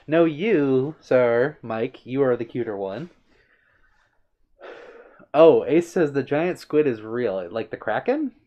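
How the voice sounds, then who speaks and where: This livestream host speaks very slowly in a warm, mid-range voice with big swings in pitch and frequent pauses. He reads viewer comments in a playful, giggly way during a casual stream, bashfully shrugging off compliments. The recording has its highs cut off.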